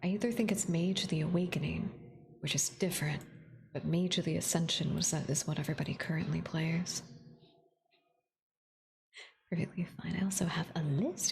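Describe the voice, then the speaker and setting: A young woman streamer chatting casually with her viewers, often dropping into a soft breathy whisper close to the mic. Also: low voice, normal speed, pauses often, slight background noise. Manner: chatty, bubbly, thanks chat, excitable gasps.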